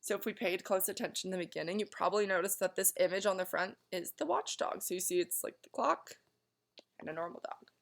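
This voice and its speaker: A woman reading a children's chapter book aloud in an animated way, pausing for friendly asides to listeners. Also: medium pitch, gravelly. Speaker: story reader.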